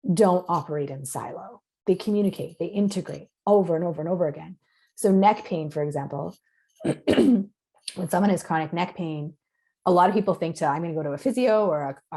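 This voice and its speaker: A woman with a low voice talks through her clinical approach on a podcast. She speaks earnestly and straight to the listener. Her voice is going hoarse as she talks. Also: mellow. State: losing her voice. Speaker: concussion clinician guest. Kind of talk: podcast interview.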